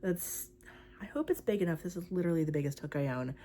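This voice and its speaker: A woman's voice: lowish voice, fast, mellow. Chatty woman rambling through a craft vlog. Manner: chatty, rambling, many fillers and likes. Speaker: crochet vlogger. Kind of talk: casual craft vlog chat.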